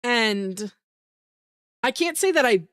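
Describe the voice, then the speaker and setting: A bubbly woman streamer with a high voice chats with her live audience, full of giggles and "like" fillers. She gets emotional easily and rises into teary squeals. Her voice sounds close and dry, with no room around it. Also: expressive, slow, a bit bright, no room sound. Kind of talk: casual live-stream chat with viewers.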